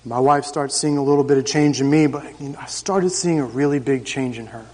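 Speaking briskly in a mid-range, slightly mellow voice, a man in his thirties recounts his personal testimony to a church congregation. He tells it emphatically, like a conversation. The service takes place in a reverberant church hall.

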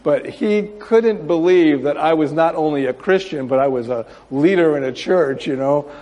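A man, a missionary, tells stories to a church congregation in a relaxed way, with many fillers. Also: fairly high pitch, moderate pace. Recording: long reverb of a large hall.

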